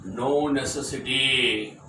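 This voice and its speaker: A man drills English grammar with short example sentences, repeating them emphatically in a lecture. He speaks slowly in a mid-range voice, steady yet bright and forceful. The recording, made with a distant mic in an echoey room, has slight background noise.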